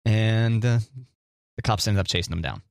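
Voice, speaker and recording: A man's voice: on the low side, animated, normal speed, vocal fry, no room sound, clean studio sound. A man co-hosting a casual chat show, a jokey rambling storyteller who hums little sound effects. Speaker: podcast co-host.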